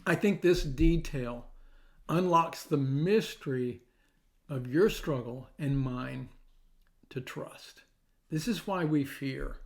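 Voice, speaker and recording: A middle-aged man preaching a sermon, telling a story with acted-out quotes and sudden drops to a soft, near-whispered voice. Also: mid-range voice. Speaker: pastor.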